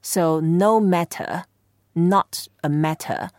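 A woman with a Chinese accent hosting a language lesson podcast, who repeats phrases slowly like a patient teacher. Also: on the low side, a little mellow, no room sound, clean studio sound.

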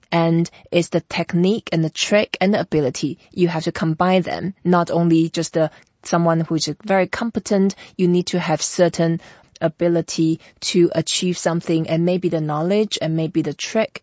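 Woman teacher-host, patient, step-by-step explainer, somewhat low voice, dry and muffled lo-fi sound. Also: steady tone, normal speed, darkish tone, no room sound. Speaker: Chinese language teacher and host. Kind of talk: teaching pronunciation in an interview.

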